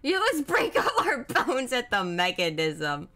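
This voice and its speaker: A woman's voice: on the high side, huge pitch swings, unhurried, sharp tone. A young woman streaming a puzzle game, chatting casually with lots of swearing, giggles and playful sound-effect exclamations. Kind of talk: casual live gameplay commentary.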